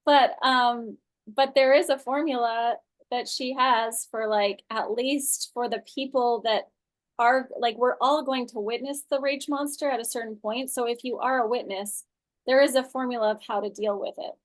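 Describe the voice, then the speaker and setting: A woman's voice: a little high, steady tone, moderate pace. A woman leading an online coaching class for a group, talking loosely and casually, with lots of filler words and sentences she restarts partway through. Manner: loose and chatty, full of "like" and "um", restarts mid-sentence. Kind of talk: casual teaching talk to a group. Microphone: video call.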